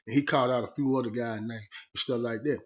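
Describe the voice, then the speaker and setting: A man with a drawl talks through a personal story in loose, everyday slang. His voice sits at an ordinary middle pitch. He keeps it conversational and acts out both sides of old conversations as he goes. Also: steady tone, quick pace. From Georgia, USA. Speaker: storyteller recounting prison life. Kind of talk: casual spoken storytelling.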